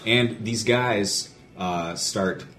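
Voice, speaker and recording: A man's voice: on the low side, drawn-out words, slight background noise. A man casually telling a long story in conversation, acting out the voices of the people in it. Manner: animated storyteller, acts out quoted voices.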